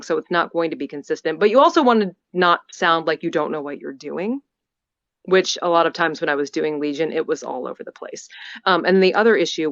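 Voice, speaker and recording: A woman's voice: low voice, no room sound. Chatty woman voice actor, muffled. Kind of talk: remote interview.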